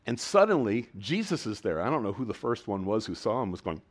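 A man preaching a sermon as pastor, animated, with emphatic swells in volume and frequent restarts of his phrases. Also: fairly low pitch, a little fast, crowd noise.

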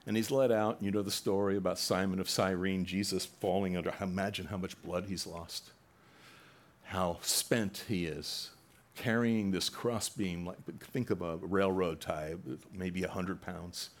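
Deep-voiced male preacher. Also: fairly even intonation, unhurried. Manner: retells scripture dramatically, voicing the mockers in loud bursts. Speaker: pastor. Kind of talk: sermon.

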